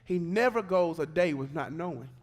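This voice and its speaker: A man delivers a church sermon in a notably high voice. He tells stories in a loose, conversational way and then rises into fervent, insistent preaching. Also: animated, moderate pace. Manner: preaching, swings from conversational storytelling to fervent exhortation. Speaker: pastor. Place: church service.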